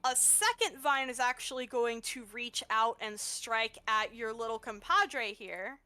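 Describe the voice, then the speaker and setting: A woman narrates as game master in a tabletop game. She is slow and unhurried, and her tone is bright with a slightly high pitch. She fills her descriptions with small pauses and ums. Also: animated, no echo.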